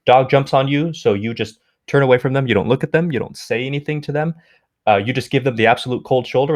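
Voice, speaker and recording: A man with a fairly low voice lays out a training concept in plain, conversational terms. His delivery is steady and relaxed, like talking with a colleague. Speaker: dog trainer, podcast co-host. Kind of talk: casual podcast explanation.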